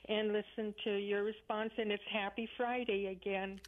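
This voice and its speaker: A woman's voice: medium pitch, little pitch movement, normal speed. A woman calling in to a radio show, chatty and earnest, rambling a little as she talks. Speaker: caller. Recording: phone line.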